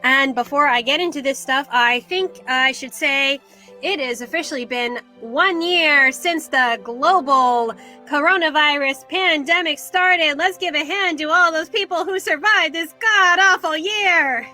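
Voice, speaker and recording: A woman's voice: sits high, measured pace, pushed and bright, faint music behind. An American woman hosting a podcast in a chatty, self-deprecating casual manner. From United States. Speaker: podcast host. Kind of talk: casual solo podcast talk.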